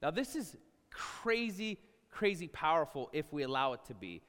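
A middle-aged male pastor preaching to a congregation, talking casually and swinging from quiet asides to loud outbursts. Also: on the high side, big pitch swings, normal speed. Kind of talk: sermon. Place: large church hall. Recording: live sermon with long hall reverb.

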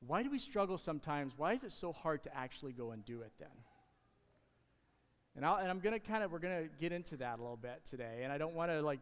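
A man in his thirties preaching a casual, conversational sermon as pastor, halting with restarts along the way. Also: on the high side. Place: church sanctuary. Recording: long hall reverb.

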